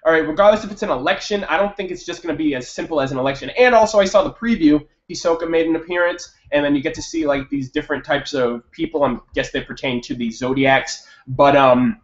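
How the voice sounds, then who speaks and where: A young man reviewing an anime episode in a casual monologue, excitable, swearing and jumping up loud when hyped. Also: on the high side, fast talker, few pauses. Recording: echoey room, dull lo-fi mic.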